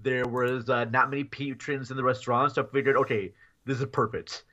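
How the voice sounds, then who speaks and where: Bright-voiced man telling a rambling story. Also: medium pitch, steady tone, brisk, lo-fi sound. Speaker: podcast guest. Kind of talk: casual storytelling.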